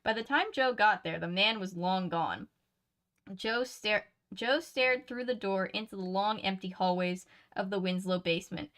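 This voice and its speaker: A woman's voice: mid-range voice, moderate pace, fairly bright tone. A woman reading a mystery novel aloud and breaking off for chatty, laughing commentary and self-corrections. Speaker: reader and channel host.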